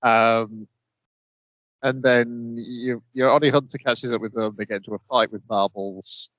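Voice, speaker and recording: A man's voice: medium pitch, steady tone, unhurried, dry recording, dull audio. A man co-hosting a podcast, steadily summarizing anime plot in casual chat, with frequent "um"s. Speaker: podcast co-host.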